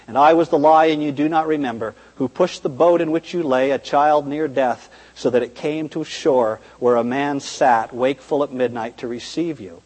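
A man voicing a vast, calm and wise lion king in a deep, low voice, speaking slowly and solemnly. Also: natural voice. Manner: slow, solemn, measured. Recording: reverberant church hall.

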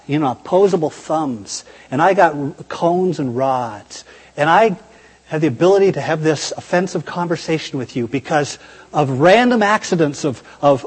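A man's voice: on the high side, darkish tone, slightly rough, in a large hall. A man preaching a sermon in a conversational, emphatic way, often posing rhetorical questions.

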